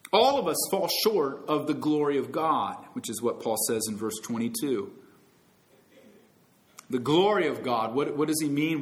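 A man preaching a sermon as pastor, emphatic, rising to loud high peaks and dropping low and soft, calling his listeners friends and brothers and sisters.

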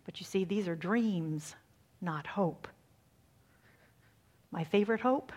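A woman giving a sermon, dramatic and swinging from hushed near-whispers to emphatic lines. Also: medium pitch, moderate pace, breathy edge. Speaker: speaker giving a faith talk.

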